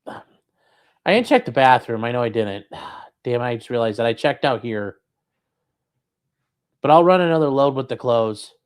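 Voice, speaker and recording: A man's voice: mid-range voice, animated, normal speed, long pauses, clean tone. A young man hosting a casual call-in livestream from a room at home, rambling and joking while reading chat aloud. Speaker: call-in show host.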